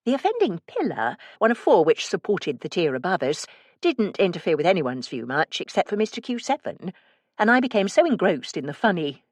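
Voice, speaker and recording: A woman narrating a first-person cozy mystery audiobook in a measured storytelling manner. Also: fairly low pitch, dry recording.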